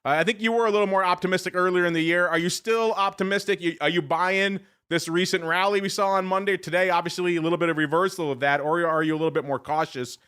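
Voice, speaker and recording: A man's voice: high-pitched, fairly even intonation, quick pace, few pauses, fairly bright tone, smooth. A man hosting a casual podcast, teasing his co-host and reading listener questions. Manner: joking, teasing banter. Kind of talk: casual chat.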